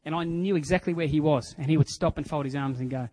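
A man's voice: on the high side, fast talker, a little mellow, no room sound, poor audio. Earnest Australian man giving a testimony. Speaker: preacher sharing personal testimony. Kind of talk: personal testimony sermon.

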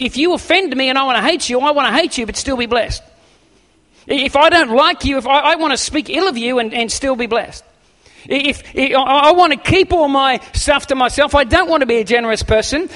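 A middle-aged pastor preaching a sermon, animated and acting out quotes, often restarting his words. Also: extremely high pitch. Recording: long hall reverb.

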